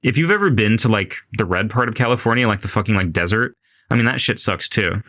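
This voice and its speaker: A man's voice: fairly low pitch, animated, quick pace, fairly bright tone. A man co-hosting a casual podcast chat, blunt and profane, with hesitant fillers. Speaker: podcast co-host.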